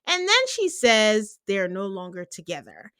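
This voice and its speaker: A woman's voice: mid-range voice, big pitch swings, measured pace, sharp tone, clear, resonant tone, no echo, clean studio sound. A woman hosting a podcast, recapping a show in casual chat and laughing often. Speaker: podcast host.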